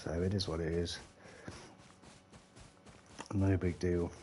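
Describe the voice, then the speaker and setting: A man's voice: low-pitched, little pitch movement, takes it slowly, dark tone, breathy edge. A British man chatting casually while gaming on a live stream, rambling, swearing and laughing often, a little tipsy. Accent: British English. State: slightly tipsy.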